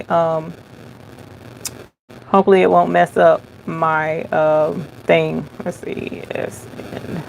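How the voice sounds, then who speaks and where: A middle-aged woman with a gravelly, fry-edged voice that sits a little low. She hosts a live Q&A, reading comments off and chatting in a folksy, easygoing way, thinking out loud between answers. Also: a little hiss or hum. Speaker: embroidery channel host.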